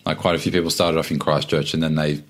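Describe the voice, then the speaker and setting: A young man with a strikingly deep, low voice, chatting as a podcast guest. He talks in a laid-back way and slips in jokes and teasing. It is an easygoing conversation into a microphone indoors. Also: flat delivery, fast. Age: 20s. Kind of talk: casual chat.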